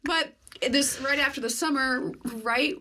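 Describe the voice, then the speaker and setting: A woman in her twenties talking as a podcast guest, telling stories candidly, with some swearing, and acting out her own past thoughts with sudden high jumps in her voice. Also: measured pace, pushed and bright, slight background noise. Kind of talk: casual chat.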